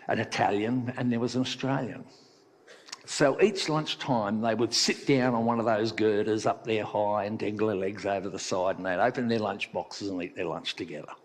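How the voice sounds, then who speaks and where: A man preaching a sermon in a conversational storytelling manner, with echoey hall reverb. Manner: conversational storytelling, sometimes soft and low.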